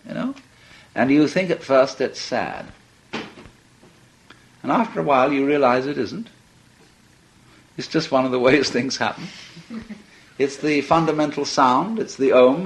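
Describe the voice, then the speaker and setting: A man's voice: mid-range voice, lively intonation, a little slow, long pauses, a little hiss or hum, poor audio. A man giving a reflective lecture talk, musing and telling stories, often breaking into laughter. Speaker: speaker.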